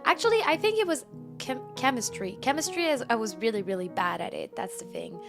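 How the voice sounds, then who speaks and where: Brief: bubbly woman streamer with a slightly high voice, greets chat warmly over background music. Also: sing-song, brisk. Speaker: game streamer. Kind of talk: live-stream chat with viewers.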